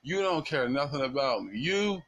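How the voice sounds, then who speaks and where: A man's voice: medium pitch, very animated, moderate pace, no echo, pitched above the performer's own voice. A man voicing a wife, an enslaved woman, who angrily accuses her husband of failing to protect her. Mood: furious. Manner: accusing, yelling. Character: furious betrayed enslaved wife, shrill.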